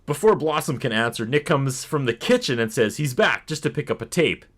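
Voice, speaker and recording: A man's voice: mid-range voice, brisk. A man co-hosting a podcast in casual chat, joking and laughing often. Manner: animated, laughs often, jokey. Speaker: podcast co-host.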